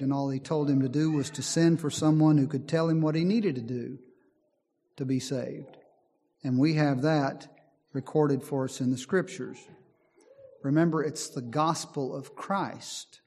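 A man's voice: a little high, warm tone. A man preaching a sermon in an earnest, emphatic way, often reading scripture aloud. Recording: long hall reverb.

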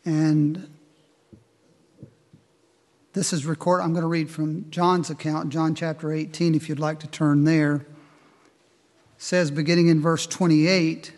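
Preacher guy reading scripture then explaining it slow, kinda high voice, big echoey church. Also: little pitch movement, a little mellow. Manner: reads scripture aloud, then explains it slowly with pauses. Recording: long hall reverb.

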